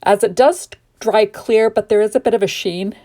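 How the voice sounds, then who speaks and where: A woman's voice: medium pitch, moderate pace, dark tone. A middle-aged woman from Canada, chatting sleepily and gushing as she narrates a home crafting tutorial. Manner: chatty and gushing, rambling asides. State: sleepy, yawning. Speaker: card-making crafter.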